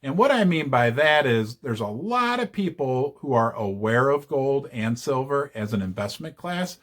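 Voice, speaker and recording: A man's voice: medium pitch, moderate pace. A man hosting his own channel, giving casual investing commentary with chatty, joking asides. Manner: chatty and animated, jokey asides. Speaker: channel host.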